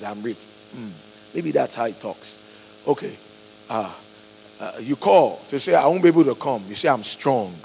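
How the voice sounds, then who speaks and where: Male preacher, fairly high and very animated, in a reverberant church hall. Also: creaky, a little hiss or hum. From Nigeria. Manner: animated, acts out quoted voices, swings loud and soft. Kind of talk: sermon.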